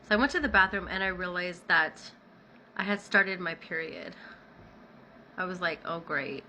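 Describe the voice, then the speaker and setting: A woman with a bright, clear voice tells a personal story straight to her audience in a casual vlog. She acts out the dialogue of the people she describes as she goes. A faint hum of room noise sits behind her. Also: fairly low pitch, moderate pace, low-quality recording. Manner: animated retelling with acted-out dialogue. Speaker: storyteller recounting personal experience.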